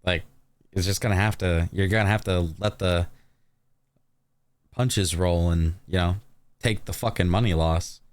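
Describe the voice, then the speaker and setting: A man's voice: low-pitched, steady tone, a little slow, long pauses. A man streaming a reaction to a video, making blunt, sarcastic and profane remarks in casual commentary.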